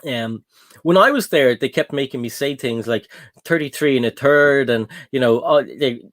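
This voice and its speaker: A man's voice: medium pitch, animated, moderate pace, fairly bright tone, dry recording, clean studio sound. An Irish man hosting a livestream, chatting casually and reading out viewer comments with plenty of ums. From Ireland. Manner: rambling, chatty, full of ums and laughs. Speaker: livestream host.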